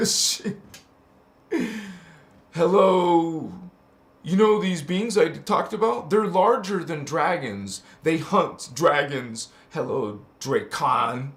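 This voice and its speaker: A man's voice: on the high side, expressive, takes it slowly, fairly bright tone. A man preaching in an impassioned, casual spiritual talk, calling his listeners honey and breaking into chanted syllables. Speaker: spiritual channel host. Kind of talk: spiritual livestream sermon.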